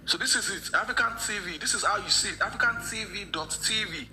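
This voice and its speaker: A man's voice: high voice, quick pace, a crowd in the background, rough recording. A man hosting a live stream, repeating himself as he addresses viewers. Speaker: host.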